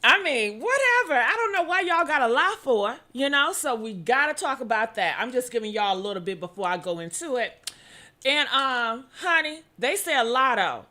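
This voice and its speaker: Woman host, casual gossip stream, high and bright, exclamatory, lots of "honey" and "okay?", sudden whoops. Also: lively intonation, normal speed. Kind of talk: casual livestream gossip chat.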